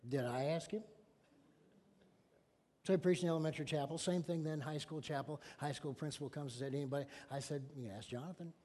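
A man's voice: on the high side, brisk, long pauses, in a large hall. A middle-aged man preaching a sermon as pastor, telling stories animatedly and acting out the voices of people he quotes. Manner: animated storytelling with big swings in loudness.

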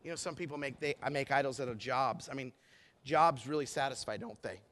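A man's voice: medium pitch, brisk, a bit bright. A middle-aged man, a pastor, preaching a sermon in an emphatic, conversational way, full of rhetorical questions to the congregation. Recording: echoey hall with long reverb.

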